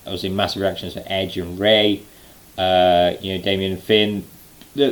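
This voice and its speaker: A young man talks through a live show he has just seen, rambling and excited, with plenty of ums and uhs. His voice sits a little low for a man. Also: low-quality recording. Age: late 20s. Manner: excited, rambling with many fillers. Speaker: wrestling fan vlogger. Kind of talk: casual event recap.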